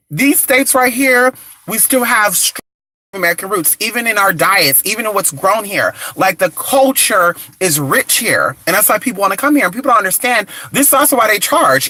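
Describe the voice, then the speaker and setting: A man's voice: high-pitched, pushed and bright, dry recording. A man from California ranting on a casual livestream, brash and profane, talking back to his viewers. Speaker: livestreaming vlogger. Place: indoors, not at home. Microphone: phone.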